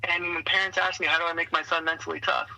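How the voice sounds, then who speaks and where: A man being interviewed on a podcast as a leadership coach, telling lively stories and acting out the voices of the people in them. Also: a little high, fast, vocal fry, dry recording, rough recording. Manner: energetic storyteller who acts out quoted voices. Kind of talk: conversational interview.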